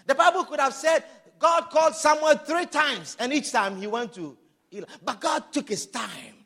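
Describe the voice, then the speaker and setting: A man preaching a sermon, shouting some lines and drawing others out slowly for emphasis. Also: very high-pitched. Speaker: pastor.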